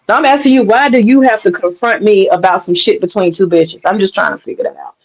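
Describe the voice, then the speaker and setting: A woman's voice: mid-range voice, quick pace. Insistent woman on lo-fi stream audio. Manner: insistent, repeats phrases for emphasis; mocking, crude slang. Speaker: guest caller on a live stream panel. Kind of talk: heated live stream argument.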